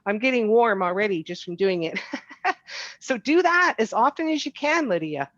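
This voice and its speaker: A woman's voice: mid-range voice, lively intonation, normal speed, fairly bright tone, no echo, lo-fi sound. A woman teaching a healing practice over a video call, guiding the group through repeated soothing chants. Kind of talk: guided healing chant session.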